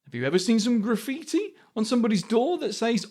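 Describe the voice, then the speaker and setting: A man in his fifties hosts a reflective podcast and talks in a plain, conversational way. His pitch rises and falls a lot, and he often poses rhetorical questions. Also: sing-song, a little fast, darkish tone. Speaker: podcast host.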